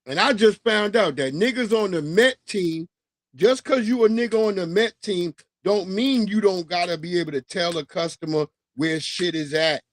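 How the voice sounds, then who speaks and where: A man hosting a livestream, telling stories in a casual, profane, animated and mocking way. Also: high voice, moderate pace, dry recording. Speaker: livestream host. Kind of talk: casual storytelling rant.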